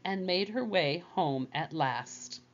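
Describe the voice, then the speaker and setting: A woman gently narrating a children's storybook aloud. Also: lowish voice, slow. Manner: gentle and expressive. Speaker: storybook reader. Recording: dull lo-fi with faint music.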